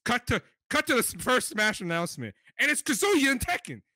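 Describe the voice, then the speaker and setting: This podcast co-host has a very bright, high voice and speaks in a fast, lively rush of excitement during casual chat. He's animated and swears freely, jumping from his high pitch into deep voices mimicking company speakers. The sound is dry and close, with no room sound.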